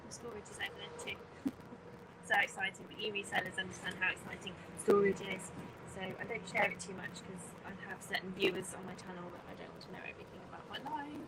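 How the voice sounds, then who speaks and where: Riding a bus through traffic, an English woman livestreams from a handheld phone, chatting loosely with viewers and greeting them by name as she rambles. Her pitch is medium, and the phone audio picks up the bus engine and road noise.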